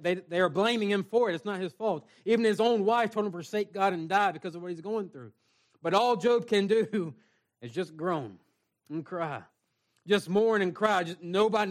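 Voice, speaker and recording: Earnest high-voiced man preaching. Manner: earnest, plain-spoken, repeats phrases, reads scripture aloud. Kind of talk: sermon.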